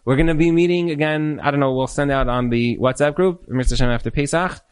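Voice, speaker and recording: Man, earnest lecturer, repeats phrases, slightly high voice. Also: a little fast, smooth. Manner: earnest, repeats words, acts out quoted spouses. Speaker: rabbi teaching a marriage class. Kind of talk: lecture with audience Q&A.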